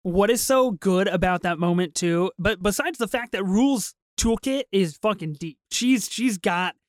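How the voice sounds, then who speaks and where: A woman co-hosting a podcast in casual chat, talking quickly and eagerly with lots of restarts. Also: mid-range voice, no echo. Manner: fast, animated, with repeated restarts. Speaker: podcast co-host.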